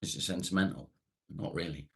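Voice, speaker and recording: A man's voice: low voice, brisk. A middle-aged man chatting casually on a live stream, reading out viewer comments in a laid-back way and swearing freely.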